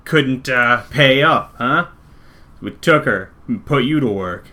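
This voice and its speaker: A man playing a gaudy crime boss who has lost his footing. He blusters and pushes back, pitched up and loud. The voice stays bright and forward. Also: expressive, slow. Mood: mocking. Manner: blustering, defensive. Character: nervous gaudy male thug boss.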